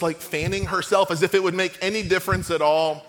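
A middle-aged man preaching a sermon, lively and conversational, acting out quotes in his stories, with a cold. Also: sits high, a little fast, big-room sound, soft background music. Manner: storytelling, animated and conversational, acts out quotes. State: has a cold. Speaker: pastor.

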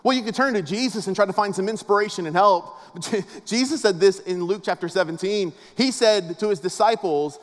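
Brief: male pastor, high voice, chatty jokey delivery, long hall reverb. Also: fairly quick. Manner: casual, joking storyteller with a preaching cadence. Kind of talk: humorous conversational sermon.

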